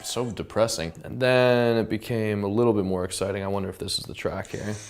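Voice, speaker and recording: A man's voice: lowish voice, brisk. A man, a songwriter and producer, casually talking through how he built a track, humming and scatting notes as he goes. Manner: relaxed, chatty, filler-heavy, hums and scats notes. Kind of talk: casual studio breakdown. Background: music tracks playing.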